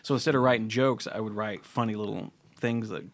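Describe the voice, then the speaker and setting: A man's voice: lowish voice, steady tone. Cincinnati guy rambling thru a story on a podcast mic, lots of restarts. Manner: rambling anecdotes with quick restarts. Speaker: podcast co-host, comedian. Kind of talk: casual storytelling chat. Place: podcast studio. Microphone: studio mic.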